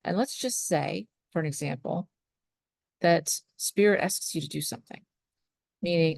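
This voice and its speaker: A woman's voice: on the low side, moderate pace, creaky, long pauses, darkish tone, no room sound, studio quality. A woman, a spiritual life coach, talking earnestly to her viewers about trust and surrender. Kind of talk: motivational talk to camera.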